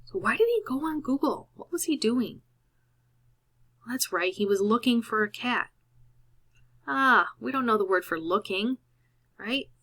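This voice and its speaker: Slow, bright-voiced woman teacher. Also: on the high side, animated, slightly rough. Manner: patient, talks students through each step. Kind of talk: recorded screen-share lesson.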